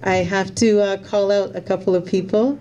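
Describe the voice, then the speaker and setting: A woman's voice: medium pitch, fairly even intonation, moderate pace, warm tone, highs cut off. A Canadian-born woman speaking as a member of parliament, giving a heartfelt, slightly emotional thank-you speech to volunteers at an event. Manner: heartfelt, repeats her thanks, a little emotional.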